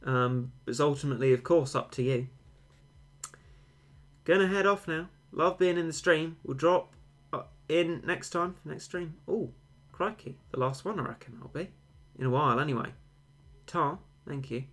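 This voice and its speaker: A man's voice: on the high side, moderate pace, fairly bright tone. A young man, a game streamer, chatting casually and rambling, answering viewer comments with mock-dramatic overstatement.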